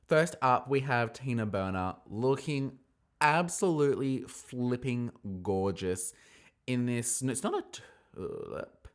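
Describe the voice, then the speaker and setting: A man hosting a casual review podcast, talking in a gossipy, animated way with sudden excited squeals. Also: fairly low pitch, unhurried. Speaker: podcast host reviewing a drag competition.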